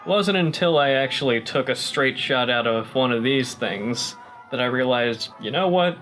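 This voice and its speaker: A man's voice: medium pitch, animated, moderate pace, a bit bright, soft background music, poor audio. A young man vlogging in a tipsy, rambling way, joking and swearing freely while he chats to his viewers. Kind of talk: casual rambling vlog.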